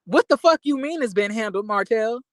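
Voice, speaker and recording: A man vlogging reality TV commentary in an animated, emphatic, profane rant with quick apologetic asides. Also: sits high, no echo.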